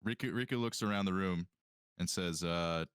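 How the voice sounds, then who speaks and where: Deep-voiced male tabletop player. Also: normal speed, fairly bright tone, smooth, no echo, studio quality. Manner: casual, hesitant. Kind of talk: playing a tabletop game.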